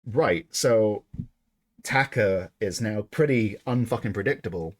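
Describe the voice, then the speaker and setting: A young man streaming a game, giving casual, joking, animated commentary and swearing freely. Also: lowish voice, a little slow.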